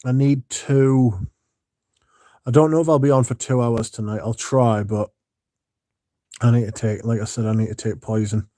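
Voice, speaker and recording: Sleepy guy rambling on a livestream, swears a lot, mellow voice, dry sound. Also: medium pitch, steady tone, moderate pace, long pauses, no room sound. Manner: rambling and sweary, chatting to viewers. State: sleepy, yawning. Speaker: livestream host. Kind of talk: casual livestream chat.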